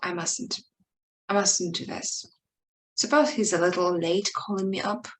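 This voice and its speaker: A woman teacher giving an expressive, dramatic reading of a short story monologue, pleading and emotional, with small slips and restarts. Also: lowish voice, unhurried, low-quality recording.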